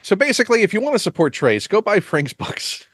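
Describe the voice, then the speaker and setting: A man's voice: sits high, very animated, brisk, a bit bright, no echo, studio quality. A man hosting an interview, talking in a chatty, teasing way. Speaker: host. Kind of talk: casual interview.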